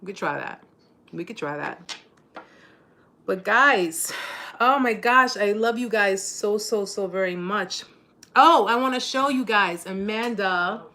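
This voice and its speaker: A woman's voice: mid-range voice, measured pace, pushed and bright. A woman in her forties hosting a casual live-stream chat, bubbly and joking, laughing often. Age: 40s.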